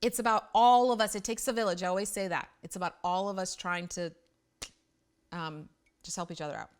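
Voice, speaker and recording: A middle-aged woman hosting a parenting show, talking casually and bluntly straight to the camera, quick to poke fun at herself. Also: medium pitch, fairly even intonation, a little hiss or hum. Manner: blunt, self-deprecating, chatty. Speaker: parenting host.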